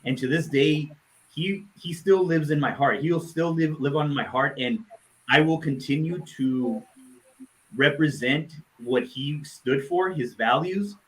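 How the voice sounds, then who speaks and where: A man speaking heartfelt words in memory of a friend during a live online session, pausing often and restarting his sentences. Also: a little high, a bit bright, low-quality recording. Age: adult, parent of a nine-year-old. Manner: heartfelt, halting with many restarts and fillers. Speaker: tribute speaker.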